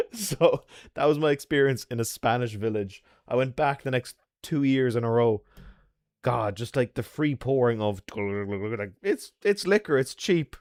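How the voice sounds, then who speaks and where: Animated man telling a story. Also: medium pitch, normal speed, no room sound, clean studio sound. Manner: animated storyteller, sound effects, swears. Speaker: game streamer. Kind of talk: casual chat with viewers.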